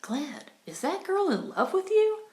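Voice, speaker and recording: A woman's voice: medium pitch, lively intonation, normal speed, lightly acted. A woman reading Carly, a blunt coquette. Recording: roomy echo.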